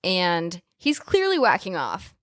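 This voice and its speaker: A woman's voice: fairly low pitch, huge pitch swings, slow pace, a bit bright, no room sound, clean studio sound. A young adult woman co-hosting a podcast, casually retelling film scenes with playful asides and swearing. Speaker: podcast co-host.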